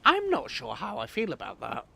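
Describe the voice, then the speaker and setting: A man's voice: a little high, wildly swooping pitch, moderate pace, vocal fry, pushed and bright. A man streaming himself playing a strategy game, chatting and reacting aloud to the battle as it unfolds. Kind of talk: live game commentary.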